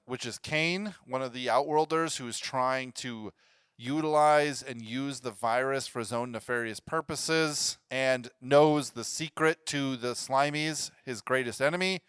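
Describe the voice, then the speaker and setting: A man with an Upper Midwest accent, co-hosting an improvised storytelling podcast, eagerly thinking aloud and pitching plot ideas. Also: unhurried, a bit bright, clear, resonant tone, dry recording, clean studio sound. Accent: Upper Midwest American. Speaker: podcast co-host.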